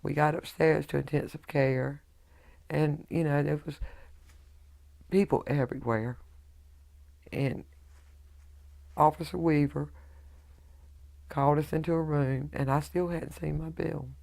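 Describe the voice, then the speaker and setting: Creaky-voiced woman recounting. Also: sits low, fairly even intonation, dark tone. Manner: halting, emotional recounting with quoted dialogue. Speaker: widow telling her story. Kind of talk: emotional personal testimony.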